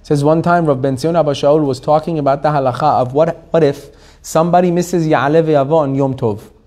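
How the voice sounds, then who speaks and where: Rabbi guy teaching a class, keeps asking the room stuff, laughs a lot, kinda high voice. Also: brisk. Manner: animated, asks the room questions, laughs often. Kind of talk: Torah class to a live audience.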